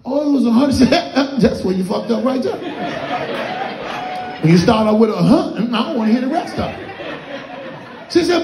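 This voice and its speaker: A middle-aged male comedian with a very high voice, swearing his way through stories in loud, animated bursts. His voice echoes around a roomy club lounge over a stage mic. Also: a little slow, pauses often, a crowd in the background. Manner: loud, profane, animated storytelling. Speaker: stand-up comedian. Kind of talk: stand-up comedy set.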